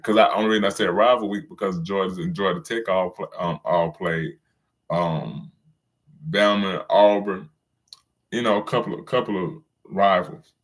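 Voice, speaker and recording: A man's voice: low voice, normal speed. A man hosting his own channel, delivering a loose, slangy commentary rant and chuckling at his own jokes.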